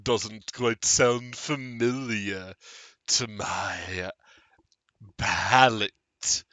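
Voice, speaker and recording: A slow, savoring, creepy voice of a blind mad instructor who hunts by sound, as a man puts him on. He drags his words out and relishes each one. The recording is dry and close. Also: on the low side, bright, forceful tone, dry recording, full character voice. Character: blind eerie male mad instructor, menacing.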